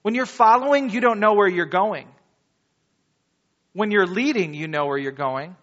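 Animated high-voiced male pastor preaching. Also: big-room sound, highs cut off. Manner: animated, conversational preaching with dramatic pauses. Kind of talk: sermon.

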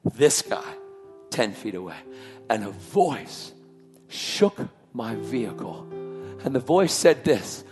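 A man's voice: mid-range voice, big pitch swings, slow, pauses often, a little mellow, soft background music. A man telling his personal testimony in an emphatic way, repeating his phrases for weight. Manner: emphatic, repetitive storytelling. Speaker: testimony speaker.

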